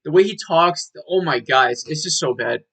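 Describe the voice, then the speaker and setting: A man's voice: fairly high pitch, animated, moderate pace, creaky, fairly bright tone, low-quality recording. A young man giving a rambling, casual movie review, full of filler words and swearing.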